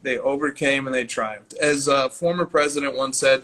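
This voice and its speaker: This podcast co-host is a man with a mid-range, slightly bright voice who keeps a steady tone at a moderate pace. He chats casually, joking and laughing often.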